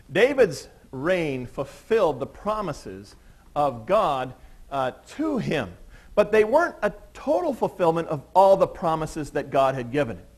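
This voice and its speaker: Lively, animated male pastor preaching. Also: mid-range voice. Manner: storytelling with laughs, acting out quoted voices. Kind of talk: sermon. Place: church.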